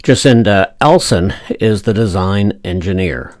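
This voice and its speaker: A man reading a radio news bulletin and weather forecast in a measured, formal way from a radio studio. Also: deep voice, darkish tone, dry recording. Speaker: newsreader.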